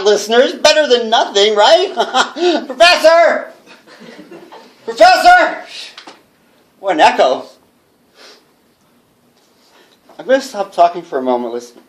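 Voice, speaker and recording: A man's voice: high voice, fairly bright tone. A man playing a jittery radio announcer. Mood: nervous, chatty. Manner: nervous chatter, laughs to himself, talks to listeners. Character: jittery male radio announcer alone in a haunted house. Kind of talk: live reading of a one-man radio play. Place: bookstore, in front of a live audience.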